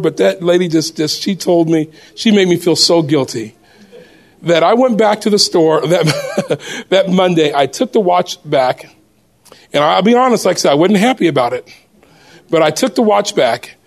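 High-voiced man telling a lively testimony. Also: normal speed. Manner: animated, laughs often while telling. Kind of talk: personal testimony storytelling.

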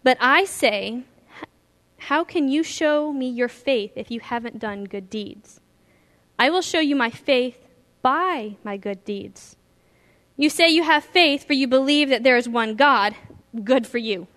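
A woman's voice: sits high, measured pace, fairly bright tone. A woman pastor giving an earnest, emphatic sermon with stories.

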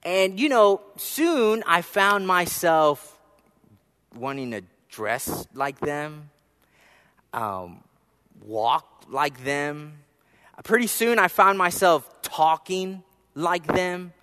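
A high-voiced man gives a sermon, reverb trailing off his words in the hall. He shifts from soft, low asides to loud, emphatic rises as he tells his story. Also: expressive, drawn-out words. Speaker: pastor.

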